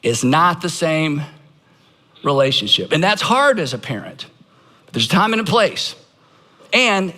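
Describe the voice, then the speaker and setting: Male pastor, bright and forceful tone, live sermon in a reverberant auditorium, stage mic. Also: sits high. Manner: emphatic, leads congregation in call-and-response practice.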